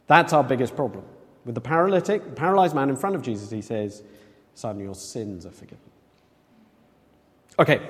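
A man preaching a sermon in a conversational, animated way, acting out quoted voices. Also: a little high. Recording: long echo of a large hall.

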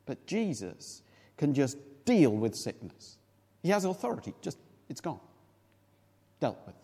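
High-voiced male preacher, lively delivery. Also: unhurried, slightly rough, big-room sound. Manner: conversational Bible exposition with rhetorical questions. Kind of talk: sermon.

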